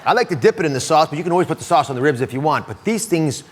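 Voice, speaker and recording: A man's voice: on the high side, expressive, very fast. A man hosting a TV talk show, upbeat and chatty with guests and the studio audience.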